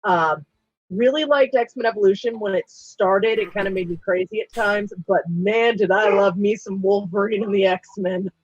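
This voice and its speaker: A woman's voice: medium pitch, moderate pace, muffled recording. An Australian woman from Australia, a guest in a casual live-stream chat, talking in an enthusiastic, chatty way. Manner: enthusiastic, chatty fan talk.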